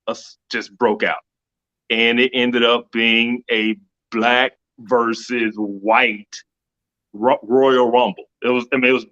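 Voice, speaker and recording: A man's voice: medium pitch, a bit bright, muffled recording. A middle-aged man co-hosting a casual livestream discussion, retelling events in a rambling way with many restarts. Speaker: co-host. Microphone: video call.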